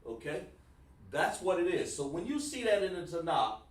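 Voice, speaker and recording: A man's voice: high voice, sing-song, moderate pace. Male teacher, informal, repeats himself; echoey room, mic at a distance. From South Carolina, USA. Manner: informal, repeats words, talks to students by name. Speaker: Hebrew class teacher. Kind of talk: online class lesson.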